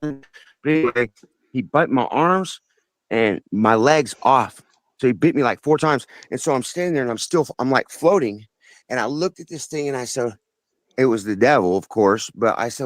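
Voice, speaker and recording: A caller to a talk show, this man tells a long story about himself in a casual, earnest, meandering manner full of restarts. He speaks at a moderate pace with medium pitch and lively intonation, and there's no echo.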